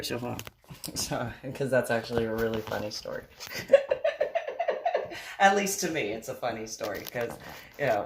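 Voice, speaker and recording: A woman who works as a model, telling stories about photo shoots in a rambling, giggly, casual way. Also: very deep voice. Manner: rambling, giggly, with frequent laughs and restarts. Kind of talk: casual storytelling chat. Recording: roomy echo, distant mic.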